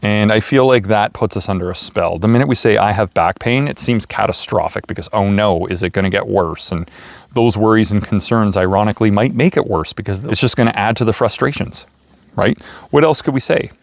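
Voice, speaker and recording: A man giving a casual motivational talk, gentle and playful, chuckling as he stresses words. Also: fairly low pitch, a little fast, creaky, no echo. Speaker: self-help speaker. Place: outdoors feeding raccoons.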